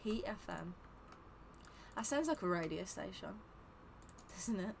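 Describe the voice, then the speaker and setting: A woman's voice: medium pitch, lively intonation, unhurried, gravelly, a little hiss or hum. A young English woman hosting a live game stream, chatting casually with viewers, teasing them, laughing often and sounding tired. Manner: teasing, laughs often, reads chat aloud. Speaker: streamer running custom game lobbies.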